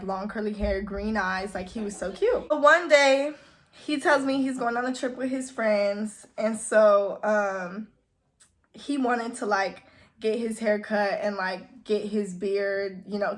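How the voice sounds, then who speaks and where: A woman's voice: medium pitch, a little slow. A young woman telling a casual storytime, chatty and full of "like,". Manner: chatty, heavy use of "like". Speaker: vlogger.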